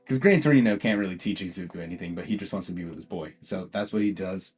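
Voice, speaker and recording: A man's voice: low voice, quick pace, darkish tone, soft background music. A young man casually narrating a fan what-if story, rambling and laughing as he goes. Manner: rambling, laughs often, self-correcting.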